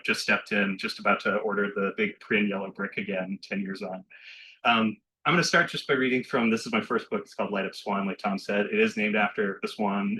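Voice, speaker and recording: A man giving a poetry reading in a bookshop, chatting loosely between poems and reading them slowly and carefully. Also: on the low side, sharp tone, low-quality recording. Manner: chatty and self-deprecating between poems, slow and measured when reading. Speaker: poet reading his work. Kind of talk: poetry reading with casual asides. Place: bookshop reading room with a live audience.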